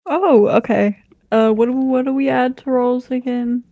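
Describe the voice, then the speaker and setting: A woman's voice: high voice, steady tone, moderate pace, mellow, dry recording, highs cut off. A woman playing a tabletop game, sounding unsure as she asks about the rules. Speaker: player. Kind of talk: casual tabletop play.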